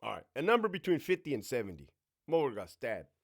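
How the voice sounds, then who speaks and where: A man's voice: mid-range voice, big pitch swings, fast talker, creaky. A man in his forties, a former prison officer, hosting a casual, profane storytime monologue with sound effects and asides to himself. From California.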